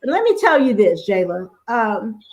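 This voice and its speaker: A woman hosting a talk show, speaking in a warm, affirming way and encouraging her guest. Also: mid-range voice, sing-song, unhurried. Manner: warm, affirming, uses endearments.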